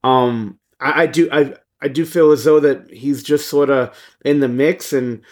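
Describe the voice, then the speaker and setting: Mid-pitched guy on a hoops podcast, blunt, swears a lot, says like and you know. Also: steady tone, a little slow, darkish tone. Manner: blunt, swears freely, thinks aloud with fillers. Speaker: podcast co-host. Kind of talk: casual sports podcast chat.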